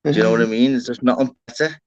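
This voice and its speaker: A man's voice: medium pitch, quick pace, a little mellow. Rambling sweary man. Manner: rambling, sweary, lots of "innit" and "lad". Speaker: livestream host. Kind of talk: casual chat. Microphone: live stream panel, online call. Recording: muffled lo-fi stream audio.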